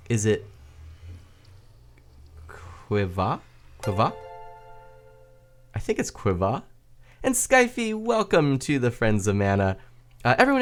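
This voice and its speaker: A man streaming a building game, chatting casually with viewers, chatty and self-deprecating, laughing often. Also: on the high side. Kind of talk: casual gaming stream chat.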